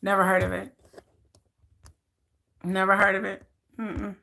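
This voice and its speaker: A woman's voice: medium pitch, completely flat delivery, measured pace, vocal fry, bright, forceful tone. A woman vlogger chatting casually on a livestream, rambling and repeating herself as she answers viewer comments.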